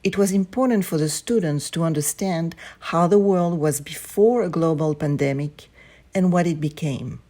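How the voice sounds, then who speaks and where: A woman reading student stories aloud in a calm, measured way. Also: low voice. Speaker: narrator.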